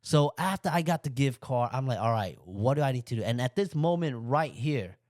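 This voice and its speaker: Podcast host, male, mid-pitched, lively casual storyteller, dry close mic. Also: brisk, no echo. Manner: animated, voices his own thoughts with big pitch jumps; plain, conversational English with loose grammar. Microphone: podcast microphone.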